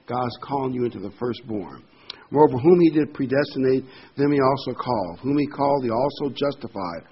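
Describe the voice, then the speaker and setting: Older man preaching, reading scripture slowly. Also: mid-range voice, breathy edge. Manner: reads verses slowly and emphatically. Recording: dull lo-fi with faint noise.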